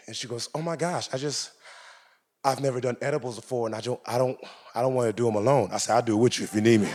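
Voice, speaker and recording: With a medium-pitched voice and a quick pace, the young man delivers a stand-up set at a live venue, animatedly narrating stories and mimicking their characters. There's slight background noise from the audience-filled room.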